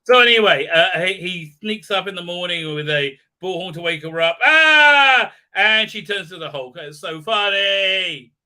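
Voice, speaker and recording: A man's voice: high-pitched, moderate pace, hardly any pauses, sharp tone. A man hosting a livestream, giving scornful, sarcastic commentary that halts and restarts often. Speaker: livestream host. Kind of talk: ranting pop-culture commentary.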